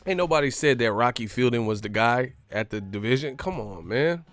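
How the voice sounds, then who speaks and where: A man's voice: medium pitch, lively intonation, brisk, a bit bright. Loose-talking man on a stream. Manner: loose, slangy, profane, laughing storyteller. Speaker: live stream host. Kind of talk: casual boxing talk.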